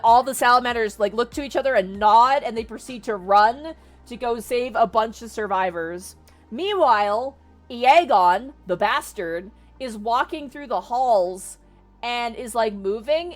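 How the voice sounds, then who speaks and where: A woman casually retelling a story, animated and swearing, with lots of "like" fillers. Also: on the high side. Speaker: streamer.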